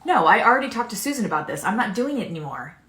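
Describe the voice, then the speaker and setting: A woman's voice: mid-range voice, sing-song, very fast, sharp tone. A woman playing a rude entitled customer. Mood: indignant. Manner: accusing, snippy, talks over the cashier. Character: rude entitled female customer, demanding a return. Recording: echoey room.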